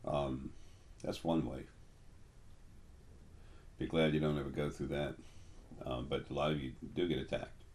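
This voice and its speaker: Low-voiced older man rambling with ums. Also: fairly even intonation, darkish tone. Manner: rambling, halting with many ums. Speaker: spiritual teacher. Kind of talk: casual monologue.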